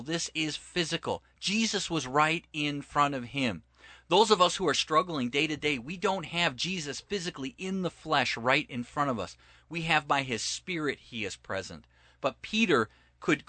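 A man's voice: a little high, pushed and bright, dry recording. A man teaching from the Bible in conversation, emphatic and preacher-like, retelling scripture stories and acting out the quotes.

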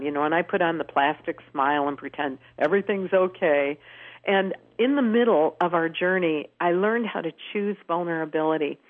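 An older woman telling stories earnestly as a guest on a phone-in radio interview. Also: lowish voice. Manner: earnest, warmly emphatic storyteller. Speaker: guest speaker. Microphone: telephone. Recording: tinny phone line.

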